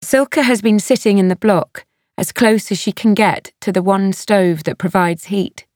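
A woman narrating an audiobook in a measured, even storytelling manner, recorded close to a studio mic. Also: medium pitch, dry recording. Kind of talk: scripted narration.

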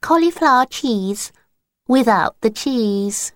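A woman's voice: a little high, animated, slow pace, no room sound, clean studio sound, pitched above the performer's own voice. A woman voicing a small eager girl in a storybook reading.

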